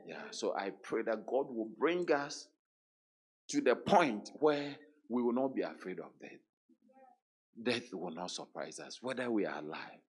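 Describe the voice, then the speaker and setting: A man preaching a sermon, emphatic, repeating words and dropping into hushed quotes. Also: lowish voice, expressive, measured pace, husky.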